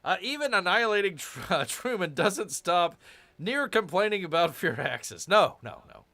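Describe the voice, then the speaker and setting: A man narrates his strategy game session with a bright, forward tone and a lively, swooping delivery. He grumbles and makes sarcastic asides to his viewers. It sounds like casual commentary recorded at home. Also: sits high, normal speed, vocal fry. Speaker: gaming channel host.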